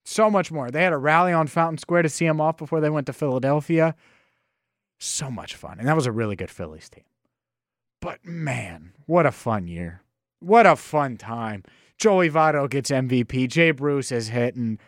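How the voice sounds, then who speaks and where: A man hosting a solo sports podcast, telling stories in an animated, nostalgic, rambling way on a close microphone. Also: mid-range voice, normal speed, no room sound. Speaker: podcast host.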